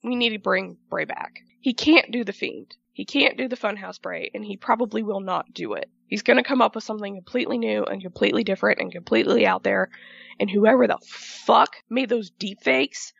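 A woman's voice: medium pitch, a little fast, vocal fry, a bit bright, husky, no room sound, lo-fi sound. A woman delivering an emphatic, profane rant as a wrestling fan, repeating herself for emphasis in casual commentary.

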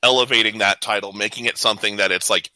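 A man on a podcast talks in long, winding runs, restarting his sentences as he goes. His tone is sharp and very bright. The sound is dry and close. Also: fairly low pitch, fairly even intonation, fast talker, no echo, poor audio. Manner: rambling, many restarts. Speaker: podcast co-host. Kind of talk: casual wrestling podcast chat.

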